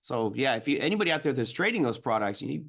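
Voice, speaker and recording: Guy trader on a livestream, animated, long explanations, middle voice. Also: medium pitch, fast talker, vocal fry. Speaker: guest trader. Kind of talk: casual market discussion.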